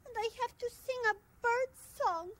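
A woman's voice: extremely high pitch, normal speed, a bit bright. A woman guest actress in a comic scene on a children's show, talking in a theatrical, dramatic and playfully self-important way.

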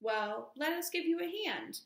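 A woman putting on a brisk, pushy older lady. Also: high voice, expressive, gravelly, roomy sound, voice pushed up, heavily acted. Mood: cheerful. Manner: eager, insistent questions.

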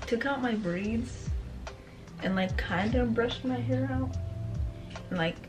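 A young woman talks to her viewers in a relaxed home vlog. Her delivery is chatty and playful, with jokes at her own expense. Soft music sits quietly behind her voice. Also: fairly high pitch, slow. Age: young adult. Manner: chatty, playful and self-deprecating. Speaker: vlogger. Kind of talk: casual vlog chat. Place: at home indoors.

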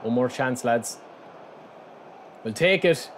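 A man with an excitable manner, commentating live on his own football video game and talking straight to his viewers. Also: on the high side, measured pace, pauses often, a little hiss or hum. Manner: excitable, shouts and groans at the play, addresses viewers as lads. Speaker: gaming channel host.

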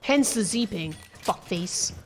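A woman streaming a shooter game, chatting casually with profane, excitable trash talk. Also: medium pitch, slow, a little hiss or hum. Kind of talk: casual gameplay commentary.

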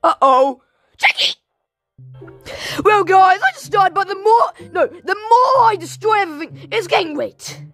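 A woman host giving goofy, shouty Let's Play commentary while playing a game. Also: very high voice, expressive, a little slow, soft background music. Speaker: gaming channel host.

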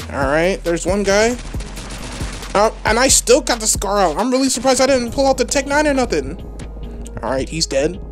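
A woman calls a shooter match live as a gaming channel host. Her voice sits in a middle register, with quick excitable rambling and bursts of trash talk at her opponents. Faint game music plays behind her. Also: mid-range voice. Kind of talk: live gameplay commentary.

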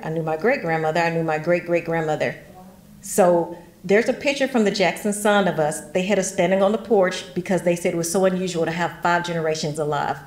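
Middle-aged woman with a slightly low voice, animated storyteller leading a workshop, recorded in an echoey room. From West Tennessee. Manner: animated, laughs often, folksy asides. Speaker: genealogy workshop speaker. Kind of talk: chatty storytelling talk. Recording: roomy echo.

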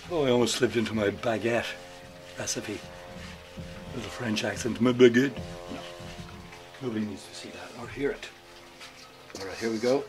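A man's voice: on the low side, normal speed, pauses often, over music, rough recording. A man making bread in a kitchen, talking casually through each step with self-mocking jokes. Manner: self-mocking, joking asides. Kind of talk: casual cooking demonstration. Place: home kitchen. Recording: loud background noise, running water.

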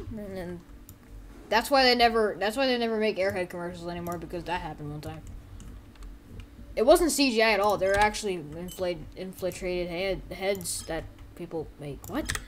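A woman giving casual let's-play commentary. She rambles with many fillers and often breaks into sudden excited yelps. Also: lowish voice, normal speed, slight background noise. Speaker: gameplay commentator.

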